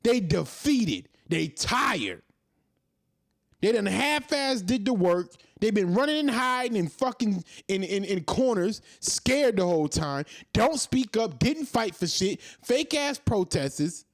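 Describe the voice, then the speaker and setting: A man in his thirties rants straight into the mic, firing off profane rhetorical questions. His pitch swings widely as he heats up, and the sound is dry with no room echo. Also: sing-song, takes it slowly. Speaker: commentary host. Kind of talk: ranting monologue.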